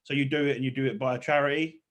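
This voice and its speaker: A man's voice: mid-range voice, flat delivery, racing. A man co-hosting a casual podcast chat, rambling, swearing and laughing often. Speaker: podcast co-host.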